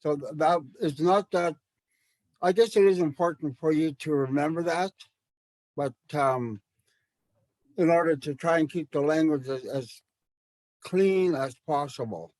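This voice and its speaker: A man's voice: on the high side, measured pace, long pauses, a little mellow, no echo. A man teaching a language class to educators, speaking thoughtfully with many fillers and restarts. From Canada.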